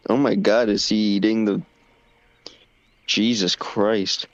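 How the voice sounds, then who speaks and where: A man's voice: fairly low pitch, flat delivery, dry recording, lo-fi sound. A man chatting casually on a stream while playing a game, distracted and apologetic. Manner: slow, distracted, self-deprecating chatter. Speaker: stream co-host.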